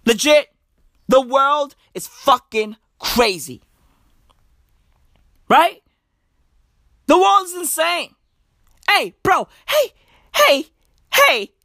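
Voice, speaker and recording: A young man with delivering a profane, animated comedic rant full of mocking asides and put-on voices. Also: high voice, no room sound, clean studio sound. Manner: animated, profane slang-heavy ranting with mock impressions. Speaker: comedic commentator.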